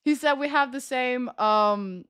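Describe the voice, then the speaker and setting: A woman's voice: sits high, measured pace, fairly bright tone, clean tone. A young woman streamer telling a story in casual chat, rambling and laughing often. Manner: rambling, chatty, with frequent laughter and "like" fillers.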